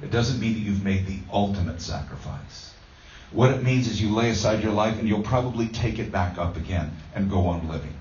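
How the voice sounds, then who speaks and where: A man's voice: on the low side, brisk, darkish tone, a little hiss or hum. A man preaching a conversational sermon, telling a homey story with many ums and restarts. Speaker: pastor. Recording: roomy distant dull sound.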